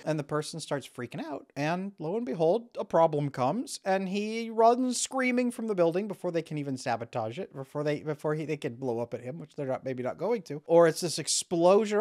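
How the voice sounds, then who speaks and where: A man in his thirties explains relationship patterns straight to camera, with a widely moving, expressive pitch. He slips into quick acted snippets of other people's thoughts as he talks. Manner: animated, acts out quoted inner voices. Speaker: attachment coach.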